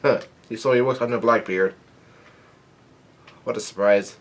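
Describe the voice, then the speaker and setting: A man casually reading a comic chapter aloud and commenting on it, halting with frequent restarts. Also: lowish voice. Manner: halting, many fillers and restarts.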